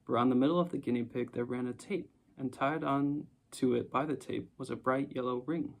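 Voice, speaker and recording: Gravelly-voiced male storybook narrator. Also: mid-range voice, brisk. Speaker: audiobook narrator.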